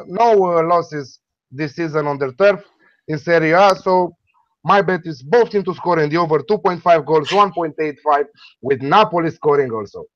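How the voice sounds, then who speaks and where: A man's voice: a little high, no room sound. Male tipster, thick non-native accent, hesitant delivery, lo-fi dry line. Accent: non-native English. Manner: halting, many fillers and restarts. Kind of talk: casual betting panel chat.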